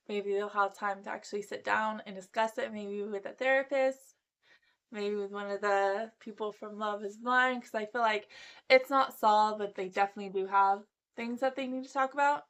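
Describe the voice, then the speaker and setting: A woman's voice: mid-range voice, fairly bright tone. A woman giving a casual, gossipy recap of a reality show, chatting freely and acting out what people said. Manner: chatty, gossipy, acts out quotes. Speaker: recap vlogger.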